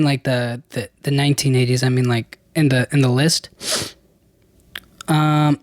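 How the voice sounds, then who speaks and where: A man with a slightly high voice hosts a solo podcast, talking loosely and rambling, often restarting his sentences and dropping casual slang. The sound is close and dry, with no room around it. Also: no echo. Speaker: podcast host.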